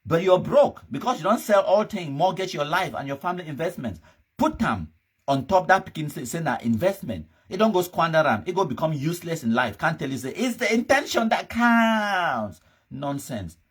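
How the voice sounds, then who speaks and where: A man's voice: on the high side, lively intonation, fairly quick, slightly rough. A man speaking Cameroonian Pidgin English, hosting a live commentary show in an emphatic, scornful, ranting manner. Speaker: host.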